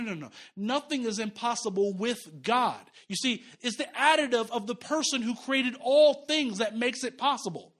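A man in his thirties preaching a sermon, playful and animated, acting out voices with sudden swings in pitch and volume. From Jamaica. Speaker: pastor.

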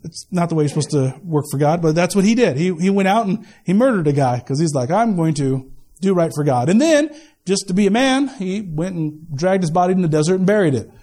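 High-voiced joking male pastor. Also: animated, fast talker, dark tone. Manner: conversational, joking, repeats words when starting a sentence. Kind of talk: sermon.

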